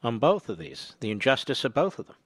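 A man's voice: mid-range voice, sing-song, fairly quick, creaky, slightly rough, no room sound. Combative older male talk radio host. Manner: combative, sarcastic, builds to emphatic peaks. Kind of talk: political talk radio monologue. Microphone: studio microphone.

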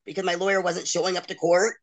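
A woman's voice: lowish voice, little pitch movement, quick pace. Middle-aged woman guest, candid and emotional, acts out others' words as she tells her story. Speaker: interview guest.

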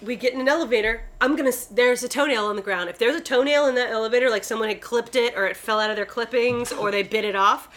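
A woman hosting a casual podcast chat, swearing freely and telling animated stories. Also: a little high, fast talker, few pauses. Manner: profane, animated storytelling. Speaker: podcast host.

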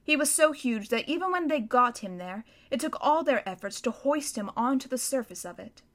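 A woman reads a children's story aloud with dramatic, expressive storytelling. Her voice is bright and sits fairly high. She slows down and leans into the vivid scenes. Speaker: narrator. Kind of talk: audiobook reading of a children's story.

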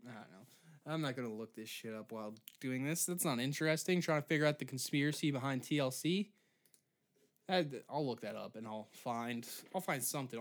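Twenty-something dude ranting solo, swears a lot, sarcastic, mid-pitched. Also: male voice, a bit bright. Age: 20s. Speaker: podcast host. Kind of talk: solo comedic rant.

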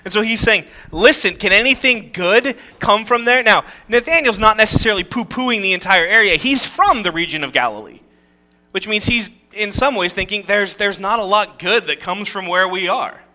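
A man's voice: high voice, fairly quick, pushed and bright. A man preaching a conversational sermon, reading scripture and adding joking asides and rhetorical questions. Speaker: pastor.

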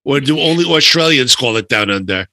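A man with a New York accent hosting a podcast interview, chatty and animated, with dry humor. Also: medium pitch, a little fast, dry recording. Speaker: podcast host.

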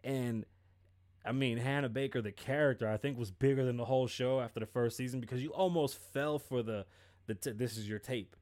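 A man's voice: mid-range voice, fairly even intonation, fairly quick, a little mellow. A male host giving casual, profane pop-culture commentary on a livestream and acting out quoted dialogue.

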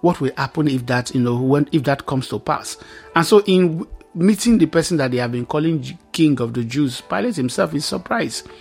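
A man's voice: on the high side, animated, brisk, vocal fry, breathy edge, faint music behind. A man preaching a Bible teaching sermon, reading scripture aloud and explaining it with emphatic repetition.

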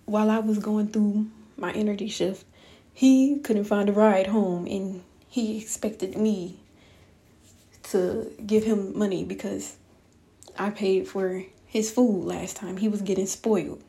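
A woman's voice: medium pitch, steady tone, a little slow, dark tone. A young woman telling viewers a story in a casual storytime rant, blunt, profane and exasperated. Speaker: vlogger.

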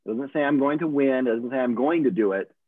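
A man's voice: medium pitch, quick pace, dry recording. A man, a coach, giving earnest and encouraging advice in a casual chat. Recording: tinny phone-like line, dry.

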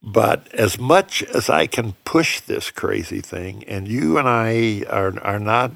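Older man with a low gravelly voice. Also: expressive, slow pace, a bit bright, no echo, clean studio sound. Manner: reflective, earnest storyteller. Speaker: pianist and songwriter. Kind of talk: casual conversation.

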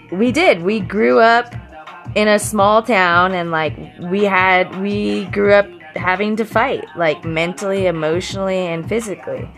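A young woman doing a casual comic monologue, swearing, joking and laughing often between many fillers. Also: mid-range voice.

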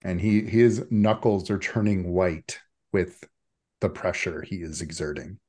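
A man's voice: low-pitched, fairly even intonation, unhurried, darkish tone. A man narrating as game master in a tabletop game, with a laid-back manner and mumbled asides.

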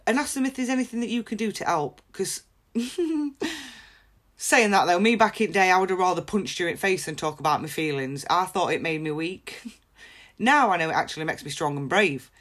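Blunt, laughing woman. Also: lowish voice. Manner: blunt and frank, laughs often. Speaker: podcast host. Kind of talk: candid personal advice talk.

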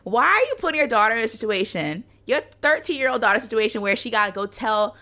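Woman co-host, casual recap chat, blunt and swearing, pitch jumping all over. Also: quick pace. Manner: animated, blunt, swears freely. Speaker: podcast co-host.

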